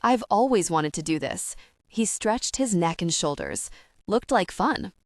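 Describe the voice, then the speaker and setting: A woman reading a first-person romance audiobook, telling the story in a gentle, even way on a close microphone. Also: lowish voice, a little slow, dry recording. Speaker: audiobook narrator.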